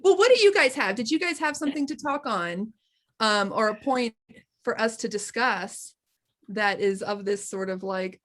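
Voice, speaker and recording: A woman co-hosting a casual wellness chat, telling animated stories, laughing often and trailing off mid-sentence. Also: on the high side, moderate pace. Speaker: co-host of a wellness group chat.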